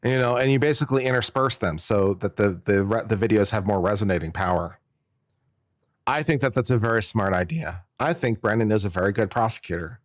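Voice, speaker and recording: A man's voice: lowish voice, expressive, a little fast, no echo, studio quality. A man, an attorney, giving casual and jokey live-stream commentary, musing aloud and often repeating himself.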